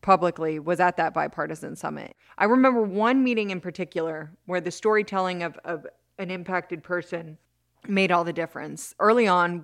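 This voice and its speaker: A woman as an interview guest, telling a story in an animated way with many restarts and bursts of laughter. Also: fairly low pitch, no room sound, clean studio sound. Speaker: interview guest, criminal justice advocate.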